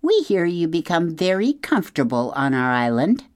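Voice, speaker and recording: A woman's voice: on the low side, sing-song, moderate pace, darkish tone, no echo, studio quality, voice pushed up. A woman voicing a bossy young female bear who taunts and bullies, in a read-aloud storybook. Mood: menacing. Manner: mocking, taunting.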